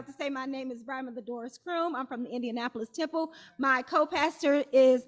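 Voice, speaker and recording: Woman, high bright voice, lively church greeting, echoey hall. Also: brisk, hardly any pauses, a crowd in the background, background noise. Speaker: church member.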